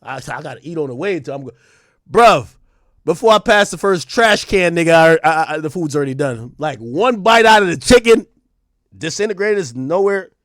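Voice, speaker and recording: A man in his thirties streaming a casual, profane rant to his chat, animated and mocking, swinging from loud outbursts to mumbled asides. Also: on the high side, normal speed, dry recording, studio quality.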